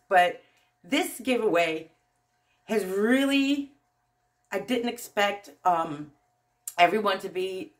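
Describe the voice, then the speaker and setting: Jersey lady vlogging into her phone, all giddy and gushy, keeps laughing and losing her sentences. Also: mid-range voice. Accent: New Jersey. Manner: excitable, gushing, laughs often, trails off mid-sentence. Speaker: YouTube channel host. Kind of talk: casual vlog talk to viewers.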